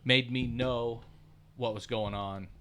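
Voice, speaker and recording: A man, telling rambling, profane stories on a podcast, loud when he laughs and hushed when he turns reflective. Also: medium pitch, fairly even intonation, slow pace, a little hiss or hum. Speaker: podcast co-host. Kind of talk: casual storytelling chat.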